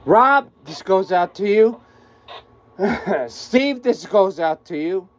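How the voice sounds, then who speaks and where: A man's voice: high voice, expressive, slow. A man ranting angrily to the camera in a vlog from a room at home, swearing constantly and repeating himself. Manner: agitated, swearing constantly, repetitive. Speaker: vlogger. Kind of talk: angry profane rant to camera.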